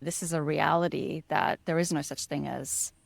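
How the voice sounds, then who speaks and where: A woman's voice: low voice, steady tone, moderate pace, creaky, no room sound. A woman hosting a podcast interview, asking long, winding questions full of restarts. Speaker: podcast host.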